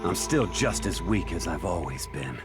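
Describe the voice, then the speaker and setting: A man doing a gravelly Brooklyn biker tough. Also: animated, moderate pace, over loud music. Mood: remorseful. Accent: put-on Brooklyn. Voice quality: deep, gravelly. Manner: low, heavy and remorseful. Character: brooding tough male biker gang leader.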